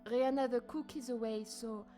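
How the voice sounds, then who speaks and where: An actress playing an anxious young maid who pleads and defends herself, in a game. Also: female voice, on the high side, fairly even intonation, brisk, over music, natural voice. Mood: defensive.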